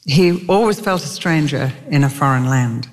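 A woman's voice: low-pitched, animated, normal speed. A woman preacher telling stories in a sermon, emphatic, with sudden lifts in her voice. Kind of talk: sermon storytelling. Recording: long reverb of a large hall.

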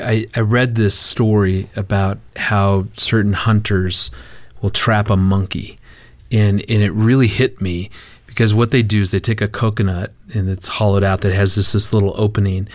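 A middle-aged man, a marriage counselor guest, telling a family story in casual talk, animated with halting restarts. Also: on the low side.

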